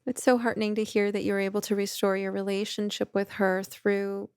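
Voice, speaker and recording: A woman, a therapist who hosts a podcast, reflecting on a guest's story in a measured, affirming way. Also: mid-range voice, little pitch movement, a little mellow, clean tone, no echo, clean studio sound. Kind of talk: reflective interview commentary.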